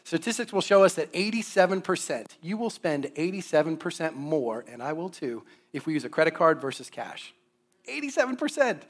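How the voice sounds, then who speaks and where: A man in his thirties giving a sermon on money, with animated storytelling and playful asides. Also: on the high side, brisk. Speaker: guest preacher on finances.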